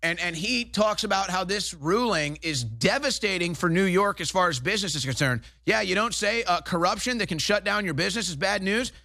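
A man's voice: sits high, animated, brisk, few pauses, sharp tone, dry recording, studio quality. A man hosting a political talk show, delivering heated, sarcastic, indignant commentary.

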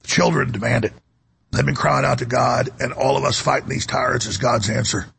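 A fifty-year-old man hosting a talk radio show, delivering a fervent, preachy monologue that swings from loud to hushed. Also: mid-range voice, fairly even intonation, fairly quick, gravelly, breathy edge.

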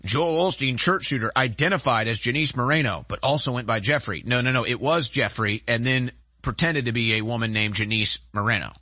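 A man's voice: medium pitch, a little fast, bright, forceful tone, no echo. A man hosting a show, delivering a heated political commentary monologue in an indignant, emphatic way, piling up rhetorical questions. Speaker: show host.

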